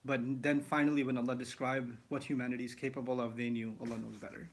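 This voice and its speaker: A man teaching the Quran in a live question-and-answer session, explaining with lively asides and rhetorical questions. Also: mid-range voice, fast. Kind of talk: live Q&A lesson.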